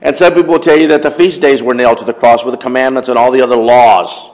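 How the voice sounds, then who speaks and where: A man's voice: medium pitch, steady tone, fast, a little mellow. A man preaching a Bible study sermon, reading verses aloud and then explaining them in a conversational way, posing questions to the congregation. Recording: long hall reverb.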